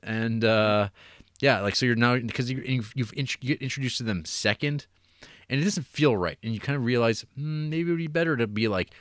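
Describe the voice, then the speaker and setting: A young man co-hosting a casual film review chat, animated and exasperated, swearing freely. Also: medium pitch, a little fast, no echo. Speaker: podcast co-host.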